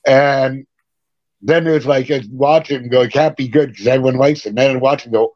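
A middle-aged man, a punk rock singer, talks with a podcast host in an animated, casual way, cussing and chuckling as he tells tales. His voice sits at an ordinary pitch for a man. The recording is dry and dull, with a muffled lo-fi tone. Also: moderate pace, vocal fry, dry recording. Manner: animated, swears, laughs between stories. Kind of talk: casual interview storytelling.

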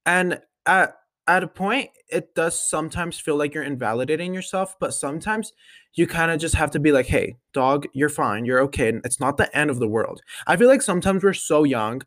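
A nineteen-year-old man hosting his own podcast, chatting casually in a gushing way with lots of fillers and sudden excited jumps in pitch. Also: moderate pace, no echo. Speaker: solo podcast host. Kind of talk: casual chat.

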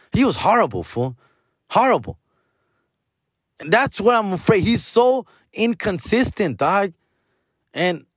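A man's voice: sits high, husky, no room sound, studio quality. A middle-aged man hosting a casual podcast monologue, talking in a slangy, profane, rambling way and mixing in Spanish words. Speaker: podcast host.

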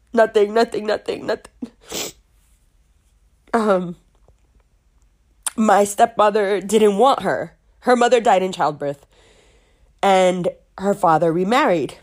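A young adult woman from Pakistan telling a personal story, candid and emotional, swearing freely and laughing through tears. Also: medium pitch.

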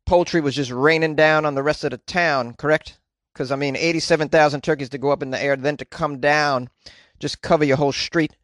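A male comedian hosts his own news podcast from a small closet, joking and riffing loosely between stories. His voice sits a little high for a man. The closet gives a close, dry sound with no room echo. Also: a bit bright. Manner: jokey, playful, loosely riffing asides.

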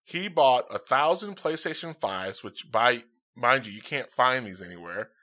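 A man's voice: mid-range voice, lively intonation, a little slow, pushed and bright. A man hosting his own podcast in casual, rambling chat, upbeat and full of fillers, speaking into a dynamic podcast mic. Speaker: podcast host.

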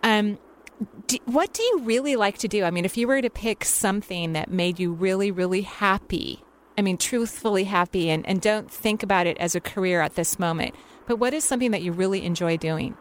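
A woman hosting a call-in radio show, giving a caller gentle intuitive career guidance with an encouraging, unhurried manner. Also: mid-range voice, slight background noise. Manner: soothing, encouraging, unhurried with many fillers.

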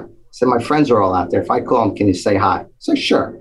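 A man telling a lively anecdote in casual conversation, acting out the quotes. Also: fairly low pitch, fast, husky, rough recording. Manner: animated storytelling, acts out quotes. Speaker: storyteller, former police officer.

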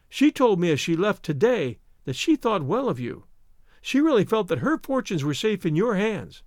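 A man's voice: high-pitched, no echo, clean studio sound. A man voicing a cold, disdainful young woman.

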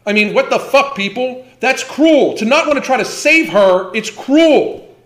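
Man, 50s, host ranting on a livestream: high, bright, swears constantly, repeats himself for emphasis, echoey room. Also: expressive, unhurried. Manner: profane, heated, emphatic repetition.

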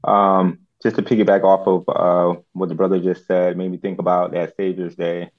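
Very deep earnest man on a lo-fi call. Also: level tone, normal speed. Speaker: caller. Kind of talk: call-in reflection.

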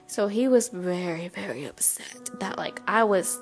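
A woman hosting a podcast, telling a story in a casual monologue. She is candid and blunt, swears freely, and tells it with animated energy. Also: on the low side, measured pace, few pauses, faint music behind. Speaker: podcast host.

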